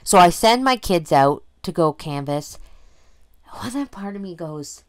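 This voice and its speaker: Chatty Canadian mom telling a story. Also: female voice, lowish voice, measured pace. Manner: animated storyteller, acts out her own panicked shouting. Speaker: podcast co-host. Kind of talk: casual chat.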